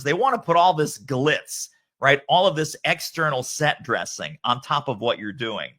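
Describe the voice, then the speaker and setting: A man's voice: fairly high pitch, sharp tone. A man as a podcast guest author, speaking emphatically and rattling off lists of points. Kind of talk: podcast interview.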